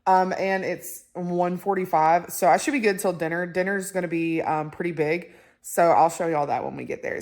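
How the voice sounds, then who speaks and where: Casting: a young woman vlogger, lowish voice, chatty and excitable. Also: normal speed. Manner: chatty, excitable, lots of fillers. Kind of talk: casual chat to camera.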